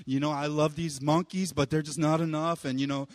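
A man's voice: fairly high pitch, level tone, brisk, no echo, voice pushed down, close to an everyday voice. A man preaching voices a self-pitying, lonely young Adam in a sulky, droning way. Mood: mopey.

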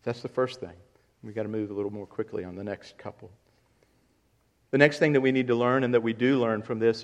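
A man's voice: medium pitch, fairly even intonation, fairly quick. A man, a pastor, preaching an earnest sermon who repeats key points and rises in volume for emphasis.

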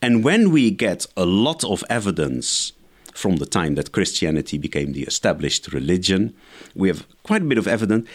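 A man, a scholar guest in an interview, giving methodical explanatory answers point by point. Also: fairly low pitch. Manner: lecturing, methodical, enumerates points.

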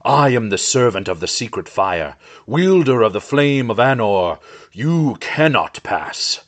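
A man voicing a weary old male wizard who stands his ground, speaking low and gravely and rising to commanding calls. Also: big pitch swings, a little slow.

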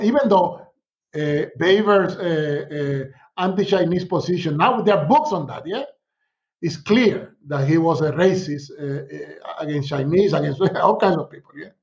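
A middle-aged man, a sociology professor, telling stories in a casual conversation, animated and laughing often. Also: a little high, creaky, muffled recording. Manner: animated storyteller, laughs often, acts out quotes.

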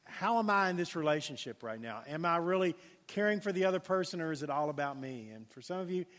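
A man preaching from the pulpit, his voice sitting a little higher than most men's. He tells a story with lively emphasis, and his words ring out with a long reverb from a large hall. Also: quick pace. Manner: storytelling, animated then hushed for prayer. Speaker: pastor. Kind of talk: sermon.

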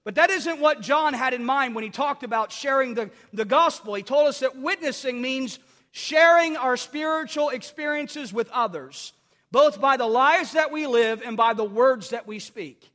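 A man's voice: very high voice, moderate pace, long reverb tail. A man preaching a sermon as pastor, telling stories with lots of restarts and repeated words. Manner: animated storytelling with many restarts.

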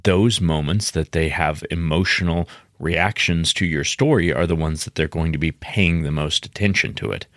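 A man's voice: rumbling low, moderate pace, hardly any pauses, a bit bright, dry recording, studio quality. A man hosting a podcast, explaining game-mastering tips in an earnest, explanatory way with frequent restarts. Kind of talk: instructional podcast talk.

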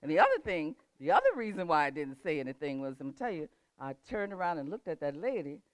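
An older woman who laughs often as she tells a lively story, then moves into a relaxed motivational talk about setting goals. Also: low voice, quick pace, no room sound.

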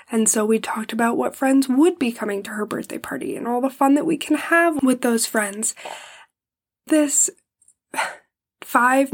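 A fairly high-voiced young woman talks through a painful personal story on her podcast. She pauses often to keep from crying and sometimes falls to a near whisper. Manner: emotional, pausing to hold back tears. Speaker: podcast host.

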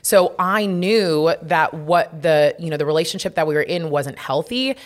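Low-voiced woman telling her story. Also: moderate pace. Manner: open, reflective, emotional storytelling. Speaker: guest. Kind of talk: candid personal interview.

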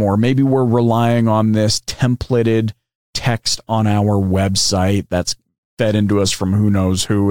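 A man's voice: fairly low pitch, a little mellow, no echo. Man, podcast host, casual explainer, filler-heavy chat, dry close sound. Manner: loose and chatty, many fillers and asides. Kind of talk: casual explainer with screen demo.

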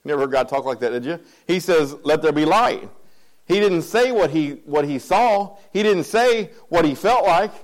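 A male pastor gives a conversational sermon, repeating phrases and repeatedly checking whether the congregation is following him. His voice is on the high side and animated, at a moderate pace, in a low-quality recording.

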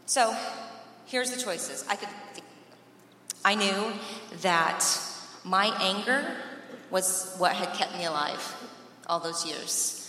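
A woman's voice: medium pitch, lively intonation, pushed and bright, a little hiss or hum. Woman testifying in an echoey hall. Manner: earnest, emphatic, with dramatic pauses. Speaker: speaker giving a personal testimony. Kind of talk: faith testimony talk. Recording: echoey hall from far off, faint ambience.

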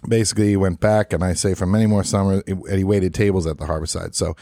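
A man with a fairly low voice co-hosts a laid-back podcast, reading listener emails aloud and tossing in jokey asides. The sound is dry and close to the mic. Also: fairly even intonation, quick pace, gravelly, warm tone, no echo. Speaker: podcast co-host.

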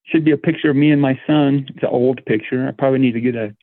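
A man's voice: medium pitch, steady tone, quick pace, no room sound. Middle-aged guy, earnest interview guest, tinny dry phone-line sound. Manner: earnest, restarts words often. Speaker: volunteer guest. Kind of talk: casual interview.

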